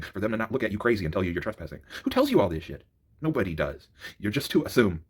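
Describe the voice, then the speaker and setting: A man with a husky, slightly rough voice tears through a fast, profane rant. His pitch leaps and drops constantly, and he swings from low grumbling mutters to loud outbursts. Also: very animated. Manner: angry, profane, swings from mutters to near-shouts. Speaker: vlogger ranting to camera.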